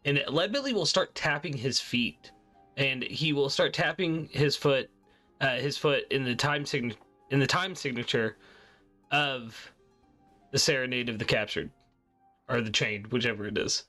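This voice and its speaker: A man playing in a tabletop role-playing game, talking in a lively, loose way. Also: medium pitch, a little slow, faint music behind. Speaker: player.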